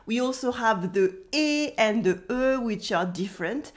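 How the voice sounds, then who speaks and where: A woman's voice: on the high side, lively intonation, unhurried. A French woman with a Parisian accent, teaching English speakers how to pronounce French with spoken examples. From France. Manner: friendly, explains with spoken examples. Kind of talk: language lesson to camera.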